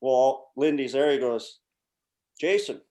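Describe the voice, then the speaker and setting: A man in his forties spins loose, swearing stories as a podcast guest. He rambles and restarts, talking at an ordinary middle pitch, and works through each anecdote with animated emphasis. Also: moderate pace. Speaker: podcast guest, former pro hockey player. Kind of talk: casual storytelling.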